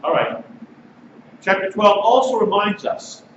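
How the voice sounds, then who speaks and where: A man with a high voice preaches to his congregation, speaking casually between readings. He was recorded from across a very echoey sanctuary. The sound is dull, with steady noise under it. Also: unhurried. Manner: conversational preaching, reads passages aloud. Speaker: pastor. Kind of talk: sermon. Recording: distant mic, echoey sanctuary, dull and noisy.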